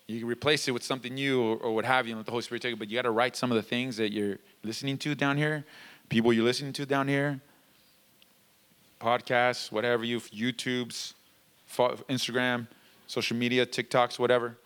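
A male pastor preaching a sermon, emphatic and repetitive, his voice climbing toward a near-shout as he drives points home. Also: medium pitch, level tone, a little fast, clean tone, in a large hall. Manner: emphatic, repeats lines, rising to near-shouting. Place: church sanctuary.

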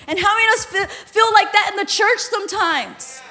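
A woman pastor preaching a sermon in a church sanctuary, impassioned, swinging from hushed tones to shouting. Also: very high voice, brisk, hardly any pauses. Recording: reverberant church hall.

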